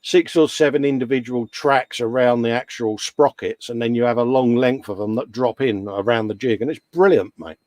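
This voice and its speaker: A man's voice: medium pitch, moderate pace, few pauses, darkish tone, no echo. A man co-hosting a casual livestream chat, bantering and calling people mate. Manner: chatty, banters and yawns, calls everyone mate. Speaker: livestream co-host.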